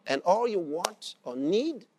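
A man's voice: sits high, very animated, slow, noisy background. A man preaching a sermon, telling a story and acting out its characters' lines, repeating phrases for emphasis.

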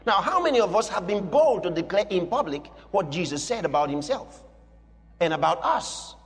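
A man preaches a sermon in a very high, lively voice, hammering home short emphatic declarations. His voice carries a long hall reverb, with soft music underneath. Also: normal speed.

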